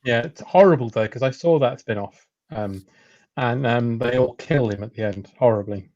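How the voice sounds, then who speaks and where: A man's voice: medium pitch, moderate pace, a little mellow, no echo. A man co-hosting a casual comedy chat, rambling through dry jokes and reading out listener messages. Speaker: podcast co-host. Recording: slightly dull, lo-fi sound.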